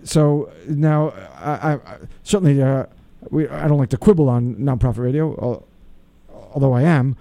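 A man's voice: medium pitch, normal speed, creaky, mellow, dry recording. A man hosting a radio talk show, chatting casually in a playful, digressive way with frequent restarts.

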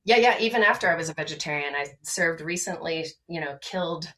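A woman from Maryland, a podcast guest talking about wellness, energetic and emphatic, often tacking on a rhetorical "right?". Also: deep voice, fairly quick. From Maryland, USA. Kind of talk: podcast conversation.

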